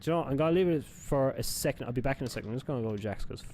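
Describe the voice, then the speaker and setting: A man's voice: medium pitch, animated, very fast, darkish tone, slight background noise. A man chatting casually on a live gaming stream, rambling and swearing as he goes and often correcting himself mid-sentence. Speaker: game streamer.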